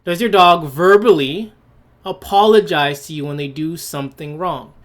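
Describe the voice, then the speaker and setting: A man's voice: fairly high pitch, moderate pace, a bit bright. A man hosting a solo opinion podcast, blunt and scornful, firing rhetorical questions and restarting his phrases as he goes. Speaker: podcast host. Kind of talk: opinion monologue.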